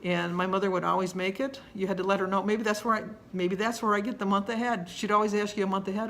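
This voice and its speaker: A woman's voice: medium pitch, fairly even intonation, fast talker, hardly any pauses, fairly bright tone, slight background noise. Chatty woman in her sixties vlogging. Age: 60s. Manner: chatty, rambling, homey. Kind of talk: casual chat to camera.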